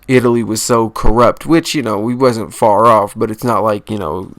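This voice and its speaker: A man's voice: fairly low pitch, normal speed, fairly bright tone, no echo. A man hosting a casual history explainer, rambling and correcting himself, joking about mispronouncing names. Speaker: history channel host.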